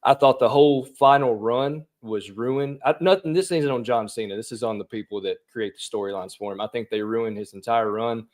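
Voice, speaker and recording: A man's voice: mid-range voice, brisk, few pauses, a little mellow. A man co-hosting a casual sports talk show, chatty and opinionated. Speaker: co-host.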